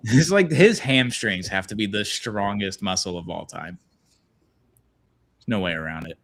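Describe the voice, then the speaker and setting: Low-voiced man hosting a casual chat. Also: expressive, moderate pace, fairly bright tone, a little hiss or hum. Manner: rambling, reads viewer chat aloud. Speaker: podcast host. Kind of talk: casual watch-along chat.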